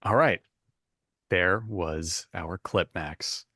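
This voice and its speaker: A man hosting a podcast quiz game, chatty and quick to laugh as he reads out the options. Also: low-pitched, bright, forceful tone, no room sound, studio quality. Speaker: quiz host.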